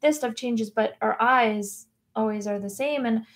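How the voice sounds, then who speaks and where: A woman with a slightly high voice talks through her own experience as a podcast guest. Her delivery is earnest and reflective, and she speaks candidly in a conversational setting. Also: measured pace. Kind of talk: personal storytelling in a conversation. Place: podcast recording room.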